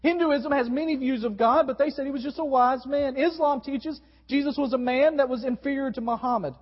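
A man preaching a sermon to his congregation, with wide swings in pitch and volume. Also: a little fast. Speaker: pastor. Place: church sanctuary. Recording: dull recording in a long-reverb hall.

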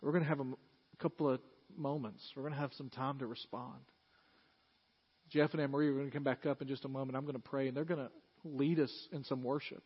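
A man's voice: medium pitch, fairly even intonation, fast talker, slightly rough. A man preaching a sermon as pastor in a church, speaking earnestly and directly to his congregation. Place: church sanctuary. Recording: slightly dull lo-fi sermon recording.

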